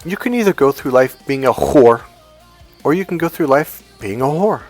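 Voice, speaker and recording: A middle-aged man, a dating coach, telling a personal story in a vlog with animated, acted-out delivery. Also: mid-range voice, normal speed, faint music behind. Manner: animated storyteller, acts out quotes.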